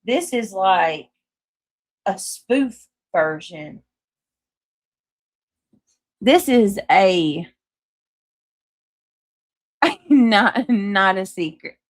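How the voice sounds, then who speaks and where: In a mid-range, animated voice, a woman with a Southern accent talks extremely slowly, leaving long pauses. She's hosting a live stream, swearing freely as she casually reads and answers viewer comments, with no echo present.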